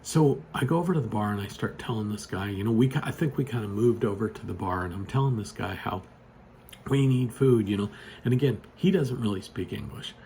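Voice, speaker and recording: A man's voice: lowish voice, fairly quick, mellow, a little hiss or hum. A man telling a story in a casual, rambling way, full of "you know" and restarts, recorded on a phone at a desk. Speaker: storyteller vlogger. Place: home desk with computer monitors.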